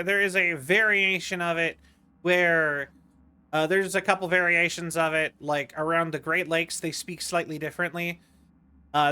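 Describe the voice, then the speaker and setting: Chatty, bright-voiced American streamer. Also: male voice, high-pitched, clear, resonant tone. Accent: General American. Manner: rambling, chatty, full of fillers and restarts. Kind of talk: casual live-stream chat. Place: home, indoors.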